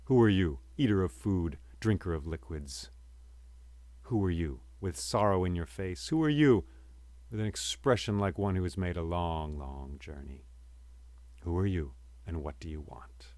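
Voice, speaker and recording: A man voicing an ancient immortal who survived the great flood, speaking with a slow, solemn cadence. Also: deep voice, a little mellow, no room sound, voice pushed down. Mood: questioning.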